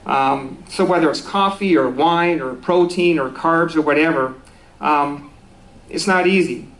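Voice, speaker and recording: A man's voice: a little high, unhurried, a bit bright, poor audio. Conversational man giving a sermon. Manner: conversational, self-deprecating, with small laughs and restarts. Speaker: speaker at a spiritual center.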